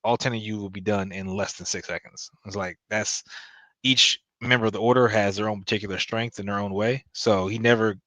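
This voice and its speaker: A man giving a casual, slangy anime recap, retelling scenes with quick quoted asides. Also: fairly low pitch, fairly even intonation, sharp tone, no room sound.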